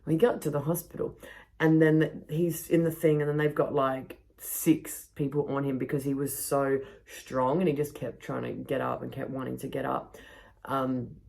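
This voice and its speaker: A woman's voice: extremely low pitch, level tone, moderate pace, vocal fry, darkish tone. A young woman hosting a podcast outdoors, telling a story in a rambling, casual way, swearing a lot and filling her speech with "like". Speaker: podcast host. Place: backyard outdoors.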